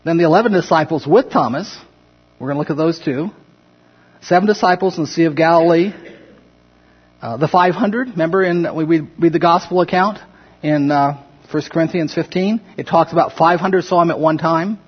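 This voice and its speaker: Husky-voiced man teaching a Bible class. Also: a little high, normal speed, muffled recording. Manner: conversational, paraphrases scripture with acted-out quotes, asks the class questions. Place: classroom or church room with a group.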